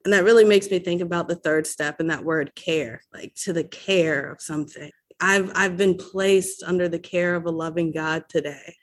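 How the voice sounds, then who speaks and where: A woman's voice: on the low side, normal speed, hardly any pauses. Woman sharing candidly at a meeting. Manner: candid and animated, acting out voices. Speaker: recovery meeting speaker. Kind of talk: sharing personal story at a meeting.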